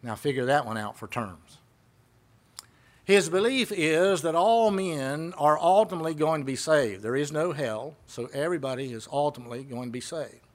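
Male preacher, somewhat high voice, chatty sermon full of questions to the flock. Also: animated, normal speed. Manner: conversational, retells exchanges and asks rhetorical questions.

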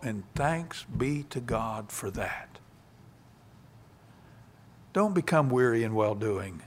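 A man preaching a sermon, reading scripture quietly and then building to loud, emphatic passages. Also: medium pitch, animated, slow, pauses often.

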